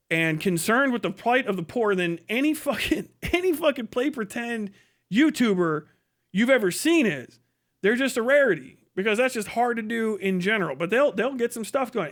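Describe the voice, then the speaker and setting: Male streamer, high voice, swearing, ranting hard. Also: a bit bright. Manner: profane, heated, ranting. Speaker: livestream host. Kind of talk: livestream rant.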